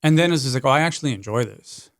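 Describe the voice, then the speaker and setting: A man's voice: mid-range voice, very fast, no echo. A man from Southern California, a podcast guest, casually telling stories and acting out other people's lines. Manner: animated, acts out quoted dialogue. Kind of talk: casual storytelling chat.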